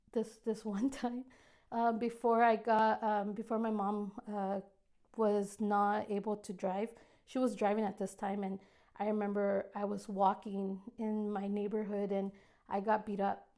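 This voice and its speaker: Woman telling her life story, kinda high voice but mellow, lots of "like". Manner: lively, acts out quoted dialogue, frequent "like". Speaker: guest sharing her testimony. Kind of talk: personal storytelling.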